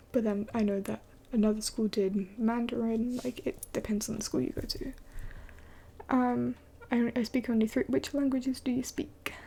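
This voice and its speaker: A woman's voice: a little high, dark tone, breathy edge. A young adult woman streaming live late at night, mostly whispering as she answers chat in a blunt, swearing way.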